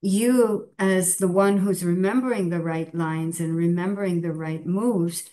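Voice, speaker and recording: A woman speaking in a slow, thoughtful way in a reflective conversation about spiritual practice. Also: fairly low pitch, warm tone. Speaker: spiritual teacher.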